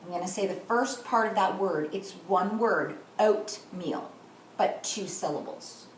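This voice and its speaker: A woman in middle age teaching kindergarteners at a whiteboard, slowly and deliberately modeling words and sounds. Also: mid-range voice, a little hiss or hum. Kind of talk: teaching a class. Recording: echoey room, far from the mic.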